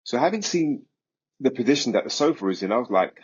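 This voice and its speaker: A man, a podcast guest, recounting a story in a vivid, animated way. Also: mid-range voice, fast, husky, muffled recording. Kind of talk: casual storytelling.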